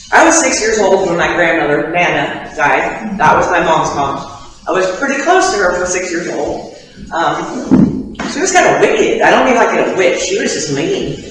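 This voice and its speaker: A woman sharing her personal faith testimony with a church congregation, candid and conversational, with ums and laughing asides. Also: on the low side. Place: church sanctuary. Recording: echoey hall, voice from far off the mic.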